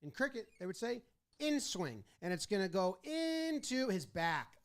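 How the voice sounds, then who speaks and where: High-voiced man breaking down baseball clips. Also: clear, resonant tone. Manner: animated, acts out players' and umpires' lines in quick voices. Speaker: sports video commentator. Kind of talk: baseball highlight breakdown commentary.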